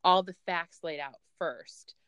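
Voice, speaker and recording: A woman's voice: lowish voice, takes it slowly, fairly bright tone, clean tone, no echo. A woman host and autism mom responding in a casual interview, reacting readily and laughing often.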